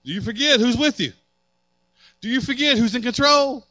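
A man's voice: very high voice, normal speed, bright, forceful tone, no echo. A man preaching a sermon as pastor, building fervor and acting out quotes.

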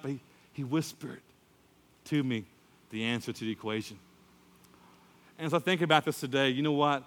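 A middle-aged man preaching a sermon, telling a story and acting out the voices in it with lively storytelling. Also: medium pitch. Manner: animated storytelling, acts out voices. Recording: long hall reverb.

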